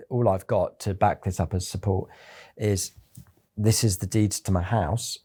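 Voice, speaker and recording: A man's voice: low voice, mellow. A middle-aged man, a company founder, telling anecdotes in an interview with a chatty storytelling manner. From England. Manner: chatty anecdotal storyteller, acts out quoted voices.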